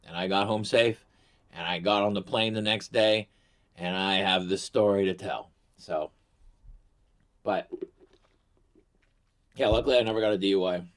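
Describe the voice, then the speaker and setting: A man's voice: on the low side, fairly even intonation, normal speed, pauses often. A middle-aged man vlogging, telling a comic story in a casual, rambling way that is profane and self-mocking.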